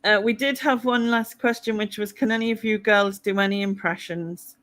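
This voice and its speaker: A woman's voice: mid-range voice, steady tone, moderate pace, background noise. A woman hosting a charity live stream over a video call, chatty, laughing often, with hesitant fillers. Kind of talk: casual live stream chat.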